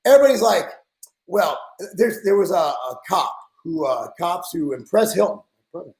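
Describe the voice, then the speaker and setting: A man's voice: sits high, lively intonation, moderate pace, a little mellow, echoey room, low-quality recording. A man in his forties hosting a podcast, ranting bluntly and with exasperation in casual talk. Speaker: podcast host.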